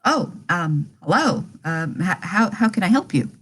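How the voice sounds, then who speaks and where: A woman voicing a hesitant male store employee who speaks haltingly and fills his lines with ums. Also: lowish voice, very animated, husky, full character voice.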